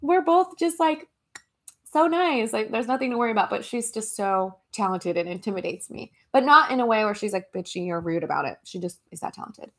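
A young American woman hosts a casual livestream from her Los Angeles home, reading viewer comments aloud and giggling between replies. Her medium-pitched voice is a bit bright, quick and with few pauses.

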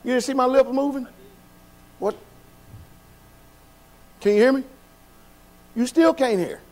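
A man's voice: very high-pitched, unhurried, a little mellow. A male pastor preaching a sermon in a church, folksy and colloquial, often asking the congregation questions. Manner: call-and-response preaching, asks the congregation questions. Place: church sanctuary.

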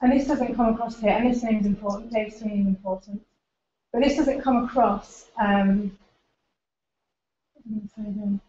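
A woman's voice: mid-range voice, fairly even intonation, moderate pace, pauses often, warm tone, slight background noise. A woman giving an informal seminar talk, explaining and pointing at pictures as she goes, in a lecture room. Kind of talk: informal academic presentation with slides. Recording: roomy, dull lecture recording.

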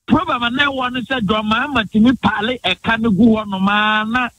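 A man with a Ghanaian accent, from the Bono region of Ghana, appears as a guest on a radio morning show and argues politics in a heated, emphatic, rapid-fire way, mixing in English phrases. His voice is very high-pitched and a bit bright, with a steady tone. The recording is low quality, with no room sound.

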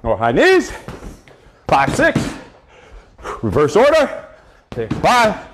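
A man's voice: sits high, huge pitch swings, slow, background noise. A man coaching a live boxing cardio workout, counting reps and giving profane pep talks.

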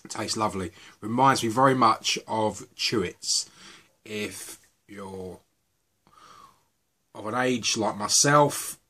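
Chatty British man reviewing vape juices. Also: on the low side. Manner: chatty, relaxed, rambling asides. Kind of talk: casual video review.

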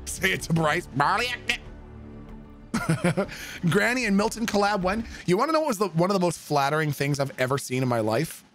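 Man, streamer, high voice, excitable, swearing, casual chat with viewers. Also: normal speed, faint music behind. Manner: excitable, swearing, laughing often.

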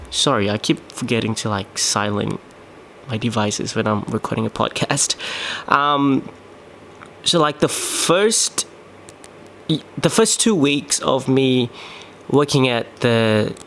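A man's voice: mid-range voice, a bit bright. A young man, hosting a solo podcast and telling a personal story casually, with lots of fillers and restarts. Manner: rambling, many fillers and restarts. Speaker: podcast host. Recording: faint background noise.

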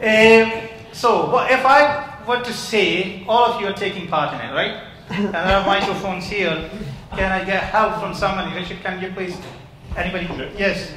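Guy minister, slow bright voice, doing a kids talk with the congregation, big echoey church. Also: sits high, slight background noise. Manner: interactive, questioning the congregation. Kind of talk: children's talk in church service. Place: large church hall.

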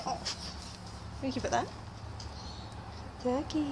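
A woman's voice: high voice, lively intonation, moderate pace, pauses often. A woman filming a casual vlog, greeting her animals in sing-song baby talk. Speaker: vlogger greeting her pets. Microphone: handheld camera. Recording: noisy outdoor camera audio.

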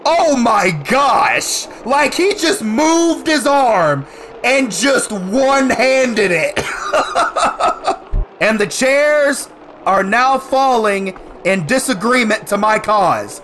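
A man doing let's play commentary, excitable, cursing and shouting at the game as he plays. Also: very high-pitched, drawn-out words, slight background noise. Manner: excitable, swears and yells at the game. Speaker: gaming commentator.

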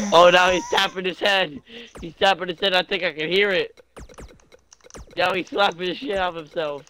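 A man's voice: sits high, fairly even intonation, a little slow, long pauses, soft background music. Crude, mocking young male streamer. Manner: loud, crude, mocking, laughs often. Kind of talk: casual live-stream commentary.

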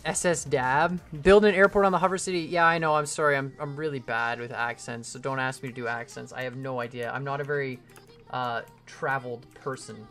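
A man's voice: medium pitch, fairly even intonation, a little fast, a bit bright, soft background music. A man livestreaming a building game, chatting casually and answering chat questions in a rambling, self-deprecating way. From Canada. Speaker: gaming livestreamer.

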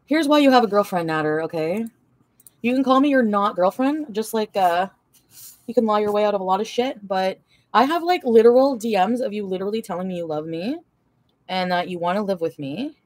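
A woman's voice: medium pitch, expressive, a little fast, a little mellow, no room sound. A young woman livestreaming an angry, profane, rambling rant full of fillers.

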